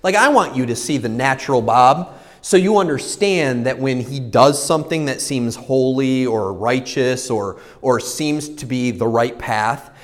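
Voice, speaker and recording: This pastor's mid-range voice has a big-room sound as he preaches, telling energetic stories and acting out his own inner voices.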